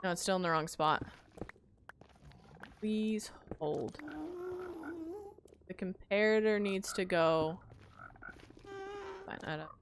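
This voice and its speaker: In casual gameplay commentary, a woman with a low voice takes her time and pauses often, talking to herself and her viewers as she builds and teasing herself over her mistakes. She has the hiccups, and there's slight background noise.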